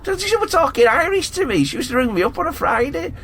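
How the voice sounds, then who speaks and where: A man co-hosting a podcast, reacting excitably with gasps, laughs and sudden outbursts. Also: very high voice, fast, a little hiss or hum. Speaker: podcast co-host. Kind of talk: casual podcast chat.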